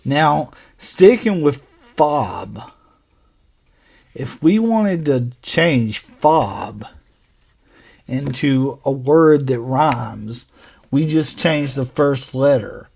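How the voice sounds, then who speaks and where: A man teaching a phonics lesson for children, sounding out letters slowly and patiently. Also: mid-range voice, animated, vocal fry, darkish tone. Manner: slow, drawn-out sounding out of letters.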